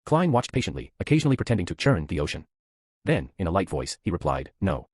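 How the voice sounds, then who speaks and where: A man narrating a novel chapter summary in a brisk, lively storytelling manner. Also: low-pitched, slightly rough, dry recording, studio quality.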